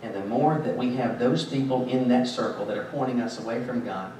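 A man's voice: medium pitch, a little fast, mellow. A man preaching a sermon as pastor, in a conversational, joking storytelling way. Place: church sanctuary. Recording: very echoey church, distant mic, background noise.

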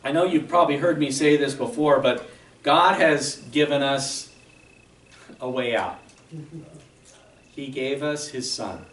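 A man's voice: mid-range voice, measured pace, pauses often, fairly bright tone, reverberant, distant mic, rough recording. A man preaching a sermon as a pastor, explaining patiently and often checking in with "okay?". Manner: explanatory teaching, frequent "okay?" check-ins. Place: church sanctuary.

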